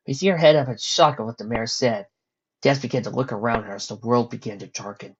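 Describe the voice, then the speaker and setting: A reader narrating a fan story aloud, in an even, casual tone with offhand asides. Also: mid-range voice, moderate pace. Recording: dull lo-fi recording.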